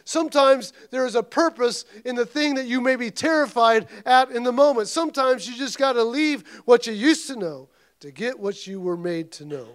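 A man preaching a sermon, passionate and emphatic, with conversational asides and restarts between loud peaks. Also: very high voice, moderate pace. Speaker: pastor.

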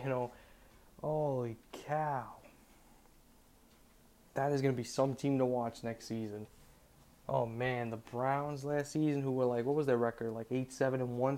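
A young man hosting a solo sports show, talking excitedly about breaking football news, often stammering and restarting his sentences. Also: mid-range voice. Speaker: sports podcast host.

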